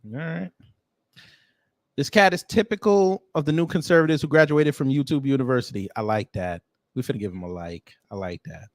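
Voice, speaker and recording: A man's voice: mid-range voice, fairly quick, no echo. Man drawling wry reaction commentary. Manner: wry, drawling asides between read-out comments. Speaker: reaction video host.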